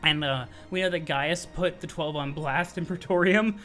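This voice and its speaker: A man giving casual, excitable commentary on game news, chatty and full of slang and quick restarts. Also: a little high, soft background music. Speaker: gaming video creator.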